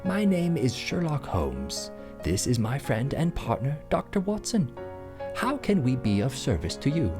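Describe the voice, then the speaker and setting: A man reading aloud who voices a sharp, calm Victorian detective in an attempted British accent, with brisk, precise, gently reassuring speech. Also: mid-range voice, over music, voice pushed up. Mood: confident.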